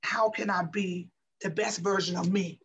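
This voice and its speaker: A woman's voice: on the low side, fairly even intonation, moderate pace, lo-fi sound, a little hiss or hum. A middle-aged woman, a former basketball player, talking passionately and emphatically as a guest in an interview. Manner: passionate, emphatic, repeats herself. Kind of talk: casual interview talk.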